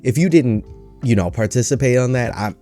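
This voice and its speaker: A man's voice: medium pitch, animated, a little fast, dark tone, faint music behind. Goofy, rambling male stock vlogger. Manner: goofy, rambling, self-mocking asides. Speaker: stock market YouTuber. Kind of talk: casual, jokey stock commentary.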